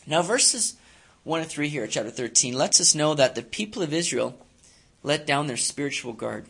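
Male pastor, sermon, conversational, gravelly, slightly high voice, lots of fillers. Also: lively intonation, normal speed, fairly bright tone. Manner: conversational preaching, many fillers and repeated words.

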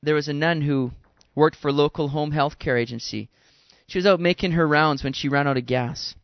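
A man, a pastor, giving a conversational sermon, animated and casual with slangy asides. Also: fairly high pitch, brisk, no room sound, lo-fi sound.

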